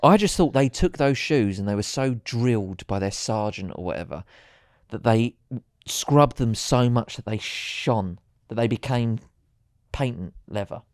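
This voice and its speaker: A man's voice: medium pitch, lively intonation, measured pace, no echo, studio quality. A man co-hosting a podcast in chatty, rambling banter, swearing freely. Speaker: podcast co-host. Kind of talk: casual chat.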